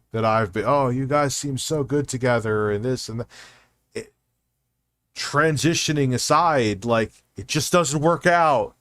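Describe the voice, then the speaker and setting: Loud middle-aged male streamer; casual swearing commentary, dead-dry desk mic. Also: medium pitch, no room sound. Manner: loud, animated, swearing freely. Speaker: streamer reacting to videos.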